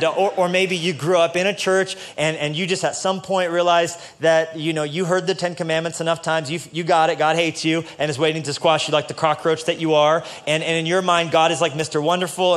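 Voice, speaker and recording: A man preaching a casual, joking sermon to a church audience, building up to loud, passionate peaks. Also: a little high. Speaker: pastor. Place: church stage before a live audience.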